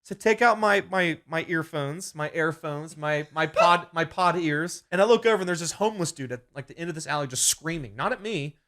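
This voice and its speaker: Bright-voiced young man telling a story. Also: fairly high pitch, a little fast, hardly any pauses. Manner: relaxed storyteller acting out quotes with sudden loud outbursts. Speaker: podcast co-host. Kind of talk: casual chat.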